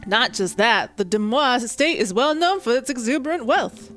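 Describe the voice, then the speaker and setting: A woman's voice: a little high, expressive, normal speed, a bit bright, faint music behind. A woman voicing a grand, self-assured male bird lawyer in a game, with a put-on French accent. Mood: grandiose.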